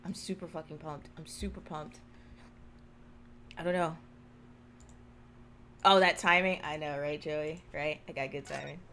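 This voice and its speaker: A woman streaming a game to her live chat, gushing and excitable, rambling with many fillers and swearing when she gets hyped. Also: sits low, measured pace, pauses often, slight background noise. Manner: rambling, with many likes and ums. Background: jazzy game music.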